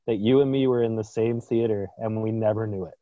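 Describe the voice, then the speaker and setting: A man's voice: fairly low pitch, steady tone, brisk, dark tone, dry recording, highs cut off. A man co-hosting a podcast, joking and rambling in casual chat. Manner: jokey, rambling, drops into whispers. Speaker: podcast co-host. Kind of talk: casual chat with whispered ASMR bits.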